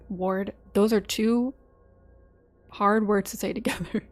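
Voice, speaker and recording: A woman's voice: mid-range voice, steady tone, measured pace, pauses often, faint music behind. A woman streaming a game, reading its dialogue aloud between chatty asides. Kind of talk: live-streamed gameplay commentary.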